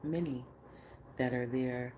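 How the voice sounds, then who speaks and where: A woman's voice: rumbling low, steady tone, slow pace, mellow, slight background noise, rough recording. A woman hosting a podcast, speaking candidly in a casual spiritual monologue, laughing often and swearing freely. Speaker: podcast host.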